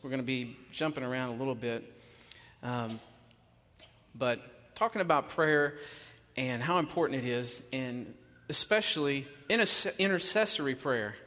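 A man's voice: medium pitch, animated, measured pace, sharp tone. A man giving a chatty sermon, telling a self-deprecating story before he turns to teaching. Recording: long reverb of a church hall.

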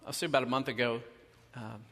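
A man's voice: mid-range voice, steady tone, quick pace, fairly bright tone. Folksy man preaching. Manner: folksy, self-deprecating, chatty. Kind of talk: sermon with storytelling. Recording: long reverb of a church hall.

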